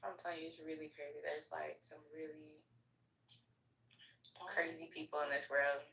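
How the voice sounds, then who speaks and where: A young woman chats and gossips about her friends, filling her talk with "like." Her voice sits a little low, with a bright, forceful edge. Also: little pitch movement, moderate pace, vocal fry, echoey room, rough recording. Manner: gossipy, with lots of "like" fillers. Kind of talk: casual chat.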